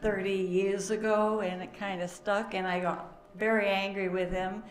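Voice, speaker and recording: An older woman giving an emotional memorial speech, halting, with fillers and laughter through tears. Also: medium pitch, little pitch movement, reverberant. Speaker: family friend giving a eulogy.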